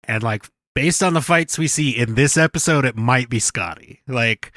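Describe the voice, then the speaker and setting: A man's voice: mid-range voice, normal speed, a bit bright, no echo. A man co-hosting a podcast, chatting casually with wry, joking asides. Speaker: podcast co-host. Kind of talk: casual chat.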